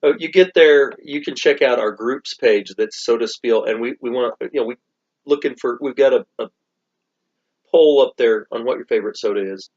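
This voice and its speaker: A man's voice: mid-range voice, moderate pace, a little mellow. A middle-aged man co-hosting a soda review with his son, chatting casually and drifting off topic. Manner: rambling, easily sidetracked. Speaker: soda review co-host, father. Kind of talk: casual chat. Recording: dull lo-fi sound.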